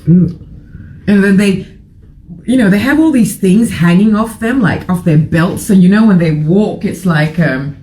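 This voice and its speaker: A middle-aged woman hosts a casual morning show. She rambles in a frank, irreverent way and sounds a little tired. Her pitch sits in a middle range, with faint background noise. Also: measured pace, dark tone, low-quality recording. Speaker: live show host.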